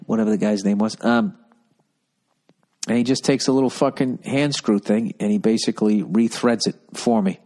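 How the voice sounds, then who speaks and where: Low-voiced man ranting on a podcast. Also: brisk, darkish tone. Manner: profane, rambling and exasperated; storytelling with voiced asides. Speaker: podcast host. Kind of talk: solo podcast rant.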